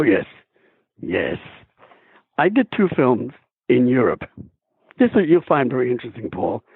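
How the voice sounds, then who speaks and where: A man, a stage and screen actor, telling stories as a guest in a phone interview, chuckling often and animated. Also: medium pitch, slightly rough, no room sound. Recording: tinny phone line.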